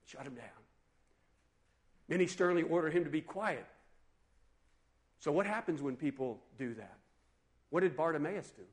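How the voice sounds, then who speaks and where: A man preaching a sermon in an animated, conversational way, asking his listeners questions. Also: on the high side, normal speed, pauses often. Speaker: pastor.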